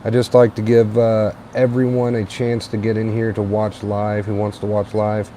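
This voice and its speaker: A man's voice: on the low side, normal speed, a little hiss or hum. Tired young man hosting a late-night livestream. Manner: relaxed, repetitive, fills with uh and um. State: a little tired. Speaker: livestream host. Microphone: tablet mic.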